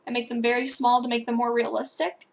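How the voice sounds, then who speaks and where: A young woman talks fast through a digital painting tutorial at home, her fairly high voice showing vocal fry and little pitch movement. It's a casual voice-over full of rambling, self-corrections, fillers, and asides.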